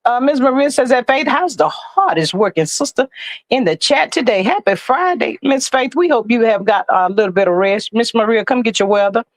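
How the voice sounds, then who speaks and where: A woman's voice: fairly high pitch, fairly quick, no echo, poor audio. Chatty woman livestream host. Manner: lively and chatty, with Southern American slang. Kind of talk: casual live chat, reading viewer comments aloud.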